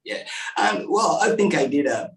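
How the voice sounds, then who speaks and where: A male actor talking casually as an interview guest, telling stories in an animated, expressive way. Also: on the high side, normal speed. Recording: echoey, distant mic.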